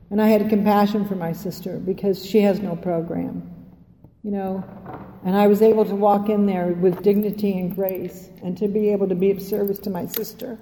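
A woman's voice: medium pitch, dark tone. An older woman giving a heartfelt, rambling share at a recovery meeting, speaking from a podium in a meeting hall. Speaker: Al-Anon speaker. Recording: echoey hall, faint ambience.

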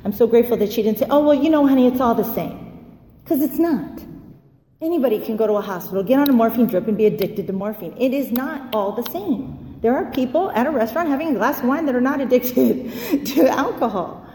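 A woman telling her recovery story, animated, acting out the voices of people she quotes. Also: a little high, brisk, a little hiss or hum. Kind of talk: personal testimony talk. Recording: roomy hall with long echo.

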